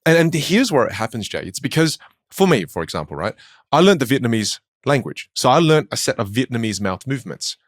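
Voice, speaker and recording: A man with an Australian accent, a speech coach talking in a podcast interview with quick, emphatic storytelling. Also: medium pitch, big pitch swings, no room sound, studio quality.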